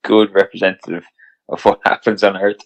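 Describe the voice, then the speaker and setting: A man's voice: low-pitched, a little fast, creaky, dull audio. A man co-hosting a casual podcast chat, laughing often as he relays news stories. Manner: laughs often, relaxed telling of news items. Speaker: podcast co-host.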